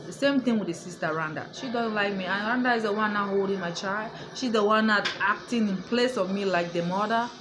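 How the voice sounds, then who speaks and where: Here an adult woman shares a family story with her audience, stressing and repeating points and checking they're following along. She talks briskly with few pauses, at medium pitch, and the background is noisy.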